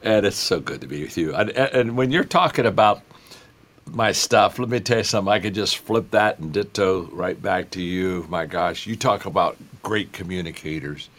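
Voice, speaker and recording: A man's voice: low-pitched, moderate pace, fairly bright tone. An older man, a guest author, speaking in a folksy, enthusiastic way with many repetitions. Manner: folksy, enthusiastic storyteller who repeats himself. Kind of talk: interview conversation.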